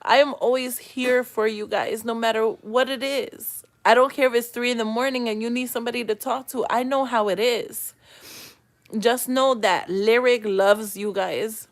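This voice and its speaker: A woman's voice: on the high side, fairly even intonation, moderate pace. A woman hosting a livestream, reading comments and talking earnestly and emotionally, with spiritual, pleading encouragement. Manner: heartfelt, tearful, earnest encouragement. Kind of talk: emotional live-stream talk.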